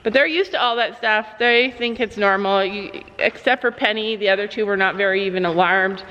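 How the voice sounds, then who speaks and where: A woman's voice: mid-range voice, brisk, pushed and bright, lo-fi sound. A woman vlogging casually at a horse barn, chatting to her viewers and cooing praise at her horses. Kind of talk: casual vlog chat.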